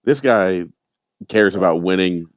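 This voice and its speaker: A man with a Pittsburgh accent hosting a podcast, talking in a rambling, halting way with many fillers. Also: low-pitched, dry recording. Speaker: podcast host. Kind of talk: casual podcast chat.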